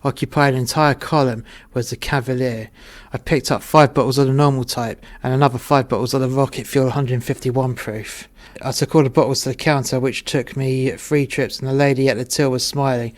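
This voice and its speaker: A man's voice: mid-range voice, steady tone, a little fast. A man narrating a first-person story in a blunt, conversational way, swearing freely.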